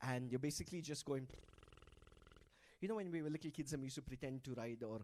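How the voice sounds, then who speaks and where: A man's voice: medium pitch, fast, a little mellow, a little hiss or hum. A man hosting a live event on stage, playfully teasing and coaxing the audience into group activities over a handheld mic. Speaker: event host.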